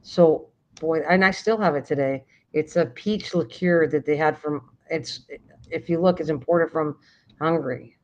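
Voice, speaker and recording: A woman's voice: deep voice, a little slow. An older woman hosting a casual late-night chat, rambling and often restarting sentences while she searches for words. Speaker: livestream host. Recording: dull lo-fi stream audio.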